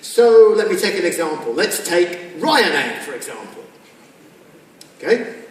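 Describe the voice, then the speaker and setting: A man with a fairly high voice gives a jokey conference talk, acting out small scenes along the way. He is heard from a distance in a big hall that rings with long reverb. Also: very animated, a little slow. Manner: jokey, acts out little scenes with quoted voices. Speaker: keynote speaker. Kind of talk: humorous business talk. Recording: echoey hall from far off.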